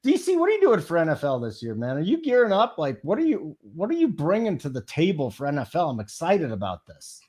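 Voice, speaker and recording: A man with a slightly high voice hosting a live stream in a playful, joking way. He teases his co-hosts, then shifts into plugging deals and handing the mic to the next guest. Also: wildly swooping pitch, fast talker, hardly any pauses, darkish tone. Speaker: show host. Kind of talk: casual live-show hosting.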